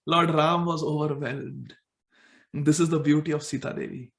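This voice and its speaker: A man's voice: a little high, steady tone, normal speed, gravelly. Man telling a devotional story. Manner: vivid, emotional storytelling with asides to listeners. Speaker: storyteller and preacher. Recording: echoey room.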